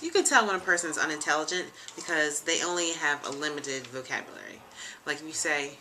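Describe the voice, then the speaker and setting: A woman's voice: low-pitched, a little fast, noisy background. A young woman hosting her own casual web show from a chair at home, chatty, frank and joking, with plenty of ums and asides. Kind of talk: casual chat. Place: home room, seated in a leather chair.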